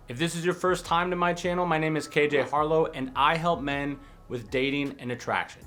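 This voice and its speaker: A young man, a dating coach, talking casually to camera in an advice vlog and slipping in quick acted example lines. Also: on the high side, fairly bright tone. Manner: conversational, acts out example lines in quick asides.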